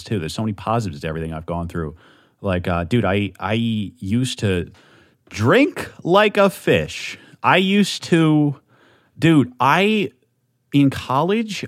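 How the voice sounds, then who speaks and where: A man's voice: mid-range voice, no echo, studio quality. Amped, rambling young man. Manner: amped, swearing, rambling with restarts. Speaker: podcast host. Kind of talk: solo podcast monologue. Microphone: desk mic.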